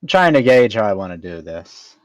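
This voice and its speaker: A man taking his turn in a tabletop game, thinking his moves through out loud. His voice sits low and moves around a lot in pitch. The sound is dry and close. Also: big pitch swings, a little fast, no echo. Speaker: player.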